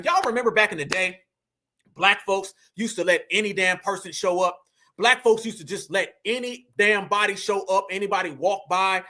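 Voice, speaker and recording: Animated high-voiced male commentator. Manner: animated, preachy, slangy address to the audience. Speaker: online commentator. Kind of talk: casual commentary to an online audience.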